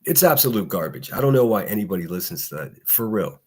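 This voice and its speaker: A man's voice: fairly low pitch, sing-song, fast talker, slightly rough. A man hosting a casual morning livestream, ranting bluntly with lots of swearing, breaking into laughs and reading chat. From Pittsburgh area. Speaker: livestream host.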